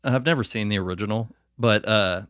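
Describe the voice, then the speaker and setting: A man's voice: lowish voice, a little fast, fairly bright tone, no echo, clean studio sound. A man co-hosting a podcast, chatting casually about movies, swearing freely and laughing often. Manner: profane, laughing, rambling. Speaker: podcast co-host.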